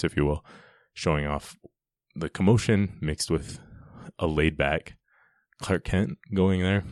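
A man's voice: very deep voice, no echo, clean studio sound. A man giving a casual, enthusiastic commentary on a film scene, chatty and often restarting his sentences.

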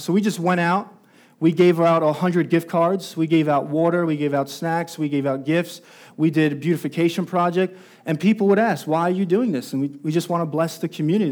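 A man's voice: a little high, darkish tone. A man preaching a sermon as pastor, telling a story and growing more intense as it builds. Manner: storytelling, rising intensity at climaxes.

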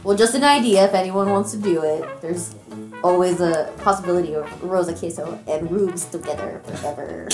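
A woman's voice: fairly low pitch, moderate pace, over music. Playful chatty woman. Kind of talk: casual chat before a recording.

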